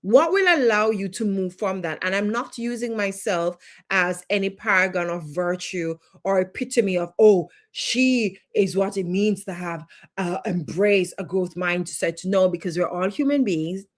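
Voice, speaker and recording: A woman's voice: medium pitch, normal speed. A woman with a Jamaican accent, a life coach teaching a live online lesson, emphatic and fond of repeating phrases for effect.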